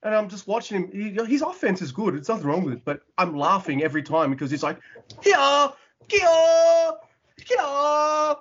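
Husky, animated male podcast co-host; dull lo-fi recording. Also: high voice, quick pace, few pauses. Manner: animated, mimics wrestlers with loud yelps and laughs. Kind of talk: casual wrestling recap chat.

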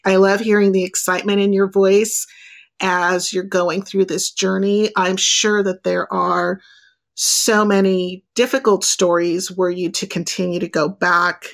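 A woman hosting an interview, speaking in a measured, thoughtful and affirming way. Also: medium pitch, flat delivery. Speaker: host. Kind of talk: interview conversation.

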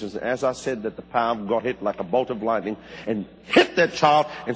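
A man's voice: fairly quick, hardly any pauses, a little hiss or hum. Fervent preacher man in echoing hall. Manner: fervent storytelling with sudden high bursts. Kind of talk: sermon. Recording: long hall reverb.

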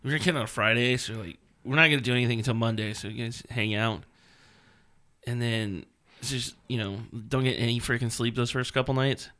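A man's voice: mid-range voice, a little fast, sharp tone. A man in casual chat, telling rambling stories and making crude jokes.

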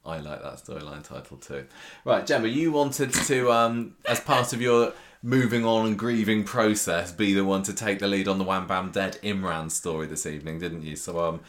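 A man's voice: deep voice, normal speed, hardly any pauses, a bit bright. A man co-hosting a podcast in casual chat, joking and laughing often. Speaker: podcast co-host.

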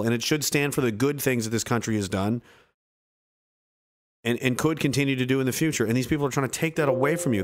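A man in his thirties from Canada, a veteran streamer giving blunt, profane, heated commentary to his live chat. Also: medium pitch. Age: 30s.

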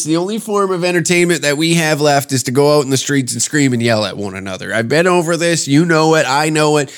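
A man's voice: a little high, clean tone. A man hosting a podcast, ranting with heavy swearing and sarcasm in a comedic monologue. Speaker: podcast host. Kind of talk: comedic rant.

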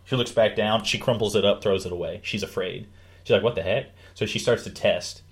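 Low-voiced guy rushing through a book plot, acting out all the characters, super animated. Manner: animated storyteller, acts out characters with yelps and laughs. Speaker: host explaining a book. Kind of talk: excited casual retelling.

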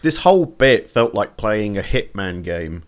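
A man's voice: lowish voice, sing-song, a little slow. A man hosting a casual podcast, eagerly recapping a TV episode and chatting with his co-host.

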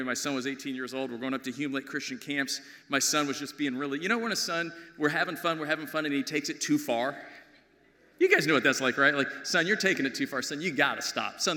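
Animated pastor preaching in a reverberant sanctuary. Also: male voice, mid-range voice. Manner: animated storytelling, swings from loud to hushed. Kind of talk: sermon. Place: large church sanctuary. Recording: long hall reverb.

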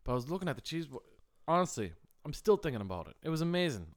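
A man co-hosting a podcast, telling stories in a casual, animated way, swearing freely and restarting his sentences often. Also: a little high, rapid-fire. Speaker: podcast co-host. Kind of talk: casual chat.

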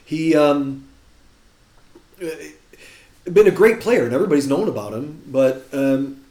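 A man's voice: fairly high pitch, unhurried. Guy telling fun sports stories, laughs a lot, roomy echo. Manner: animated, laughing anecdotes with many restarts. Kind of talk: casual baseball chat.

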